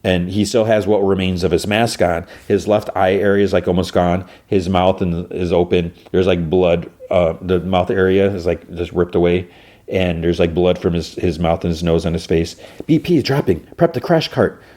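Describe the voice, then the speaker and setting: A man's voice: sits low, level tone, moderate pace, mellow. A man hosting a podcast, casually recapping an episode in a rambling way with lots of fillers. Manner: rambling, full of fillers and restarts. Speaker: podcast host.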